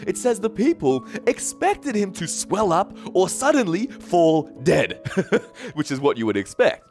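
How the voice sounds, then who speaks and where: A man's voice: high voice, wildly swooping pitch, a little slow, darkish tone, soft background music. A man preaching a sermon, retelling a story with frequent chuckles. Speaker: pastor.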